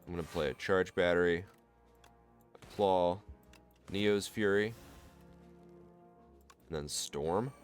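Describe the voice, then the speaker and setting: A man with a Midwestern accent, casually commenting on his own card game run and thinking out loud to viewers. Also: low-pitched, slow pace, long pauses, soft background music. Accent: American Midwest. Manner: thinks aloud, explains card choices to viewers. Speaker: gameplay commentator. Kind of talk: relaxed let's-play commentary.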